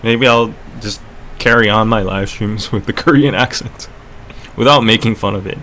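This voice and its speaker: A man's voice: fairly low pitch, normal speed, sharp tone, a little hiss or hum. A man hosting a casual live stream, laid-back, laughing often and correcting himself mid-sentence. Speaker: podcast host.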